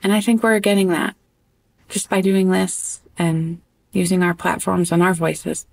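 A woman guest in a casual interview conversation who talks with animated expression and often stops on an um. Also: on the low side, measured pace, vocal fry. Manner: animated and expressive, breaks into laughter; hesitant with frequent ums.

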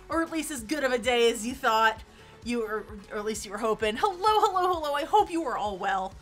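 A young woman streaming live, chatting casually with her viewers and breaking into excited exclamations. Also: a little high, fairly quick, soft background music. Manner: bubbly, chatty, exclaims often. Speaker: Twitch streamer.

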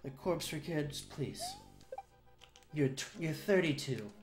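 A woman streaming a speedrun, talking in a joking, excitable way that swings to shouting, in an echoey room. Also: sits low, slow, over music. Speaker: video game streamer. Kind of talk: live-stream commentary while speedrunning.

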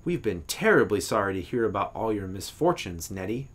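A man's voice: lowish voice, sing-song, fairly quick, fairly bright tone, breathy edge, heavily acted. A man reading the lines of a serene, wealthy elderly woman who speaks with sighing, melancholy sympathy, in a story reading. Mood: sorrowful.

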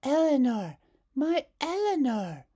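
A man's voice: very high voice, lively intonation, normal speed, creaky, mellow, voice pushed up, exaggerated voice. A man voicing a small, distressed young girl in a storybook read-aloud, crying out and pleading. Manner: cries and pleads.

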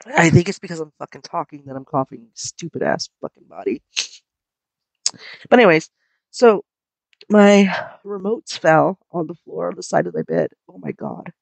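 A woman's voice: on the low side, animated, normal speed, vocal fry, pauses often, darkish tone, dry recording. A woman hosting her podcast while sick in bed, coughing, her voice going, rambling casually and swearing. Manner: rambling, self-deprecating, profane. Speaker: podcast host. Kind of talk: casual solo podcast chat. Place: in bed at home.

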